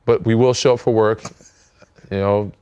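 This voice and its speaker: A man's voice: lowish voice, moderate pace, clean tone, lo-fi sound. An American man in his thirties, a podcast host chatting casually with plenty of fillers. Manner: relaxed, rambling, many fillers. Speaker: podcast host, pro basketball player. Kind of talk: casual chat.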